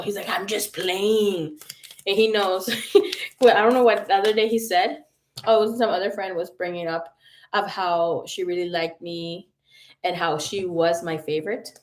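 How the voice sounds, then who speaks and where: Animated, profane woman in her early thirties. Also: mid-range voice, slight background noise. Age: early 30s. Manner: laughs often. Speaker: psychic tarot reader and livestream host. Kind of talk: casual livestream chat.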